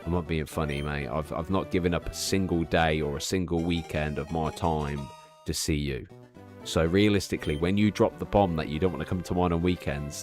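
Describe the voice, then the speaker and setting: A man in his thirties chatting casually on a live stream, telling a candid, profane, rambling story full of restarts. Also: very deep voice.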